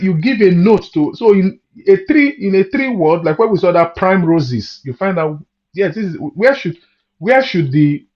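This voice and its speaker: A man teaching a music theory lesson, patient and repeating himself as he asks students questions. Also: sits high. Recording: dull lo-fi sound.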